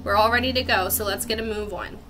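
A woman voicing a sarcastic, impatient girl adventurer in a storybook read-aloud, brisk and a little louder. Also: mid-range voice, steady tone, slight background noise, lightly acted. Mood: sassy.

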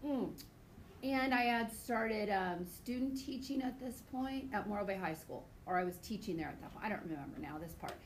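A woman teaching a high school biology class, chatty and goofy, telling stories between points. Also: expressive, normal speed, roomy sound, slight background noise, low-quality recording. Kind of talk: classroom lecture with anecdotes.

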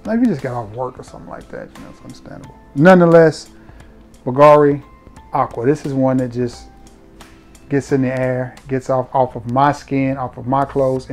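A man, chatting playfully and directly to viewers while reviewing his fragrances. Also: mid-range voice. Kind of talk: casual review vlog.

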